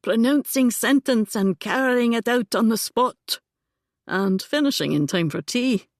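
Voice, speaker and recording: A woman voicing a poised, witty young gentlewoman in a composed, genteel manner. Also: on the high side, expressive, measured pace, dry recording, clean studio sound, pitched above the performer's own voice. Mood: playful.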